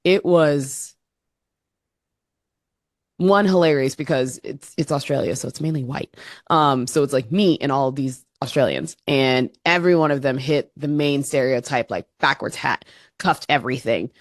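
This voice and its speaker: A woman co-hosting a podcast, telling stories in a casual, animated way with lots of fillers. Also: rumbling low, normal speed, no echo, studio quality. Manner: animated storyteller, laughing, many fillers. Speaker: podcast co-host. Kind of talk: casual chat.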